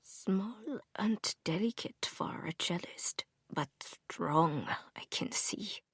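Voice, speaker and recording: Woman doing an old German bowmaker, hushed. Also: on the low side, slow pace, husky, no echo, in a whisper, studio quality, heavily acted. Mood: fond, hushed. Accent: German (put on). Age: 70s (figure). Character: old male bowmaker, small, gruff and kindly. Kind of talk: audiobook character voice.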